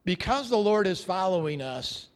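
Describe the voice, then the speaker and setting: Preacher, male, high-pitched, emphatic sermon delivery, long hall reverb. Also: big pitch swings, normal speed, smooth. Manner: earnest, emphatic preaching with dramatic drops to a hush.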